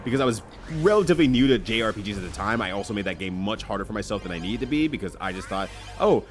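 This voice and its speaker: A man's voice: fairly low pitch, animated, very fast, soft background music. A man streaming live, chatting casually while he plays, rambling along and correcting himself as he goes.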